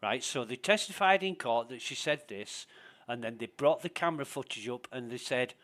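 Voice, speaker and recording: A man's voice: mid-range voice, animated, normal speed, a bit bright. A man streaming a game and chatting casually with a friend, telling long stories with plenty of swearing. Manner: rambling storyteller, swears freely. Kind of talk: casual voice chat while gaming.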